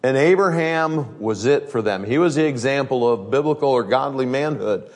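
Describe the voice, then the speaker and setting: Male preacher, mid-pitched, sermon delivery, reads scripture then explains it conversationally, pace varies to stress points. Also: lively intonation, moderate pace, darkish tone.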